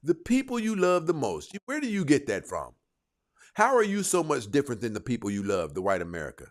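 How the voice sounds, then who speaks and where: Male show host, heated and emphatic, pitch moving a lot, mid voice. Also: sing-song, brisk. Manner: emphatic, repeats points for emphasis. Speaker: host reacting to clips. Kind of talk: heated commentary.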